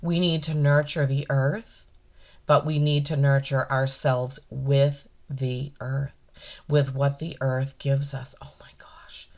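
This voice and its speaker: A woman's voice: rumbling low, level tone. A woman energy healer giving an oracle card reading, reverent and gushing, emotional and near tears. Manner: slow, reverent and gushing, often moved.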